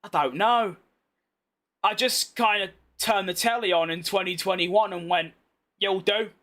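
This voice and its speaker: A man with a London accent streaming a racing game, chatting with viewers and yelling excitedly at the race. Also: sits high, unhurried. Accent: London English. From London, England. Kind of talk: live gameplay commentary and chat.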